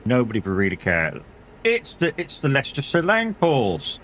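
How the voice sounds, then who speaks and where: A man's voice: medium pitch, huge pitch swings, moderate pace, a bit bright, slight background noise. A middle-aged man, chatting casually and rambling as he streams a driving game, swearing and laughing often. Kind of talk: casual chat while gaming.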